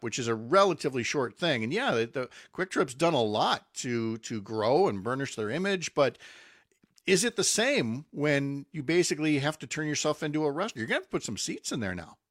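A man's voice: on the high side, no room sound, clean studio sound. A man hosting a radio show, chatting casually with frequent fillers and laughing asides.

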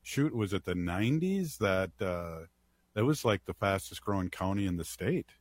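A man hosting a casual conversation, talking loosely with frequent pauses and uhs. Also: low voice, animated, dry recording.

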